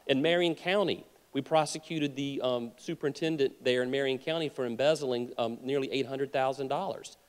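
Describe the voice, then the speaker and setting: A man's voice: medium pitch, normal speed, hardly any pauses, clear, resonant tone. Earnest man speaking in a reverberant hall. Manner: earnest, emphatic, with frequent restarts. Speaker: state attorney general. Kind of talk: political convention speech. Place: convention hall.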